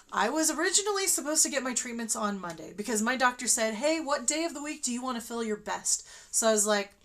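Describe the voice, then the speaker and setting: A woman's voice: a little high, a bit bright. A woman telling her own story on a livestream in a chatty, rambling way, full of fillers and restarts. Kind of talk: casual personal storytelling.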